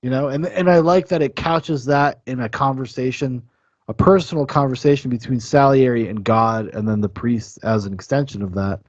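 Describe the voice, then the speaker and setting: A man's voice: medium pitch, steady tone, moderate pace, no echo. Man, podcast host, casual film chat, rambling, profane, dry dull recording.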